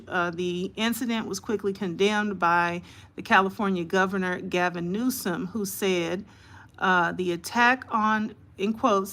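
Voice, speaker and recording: Greeting viewers by name as she goes, a woman live-streams herself reading the news in a halting way full of fillers. She speaks with a medium-pitched, fairly bright voice.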